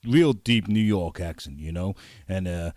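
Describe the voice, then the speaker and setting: A man with a fairly low voice chats loosely on a podcast, rambling through stories about voice acting and stopping often to restart his sentences. The sound is dry and close, with no room around it. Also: unhurried, darkish tone, no echo. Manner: rambling and chatty, with many fillers and restarts. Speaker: voice actor interviewed on a podcast. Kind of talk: casual podcast chat.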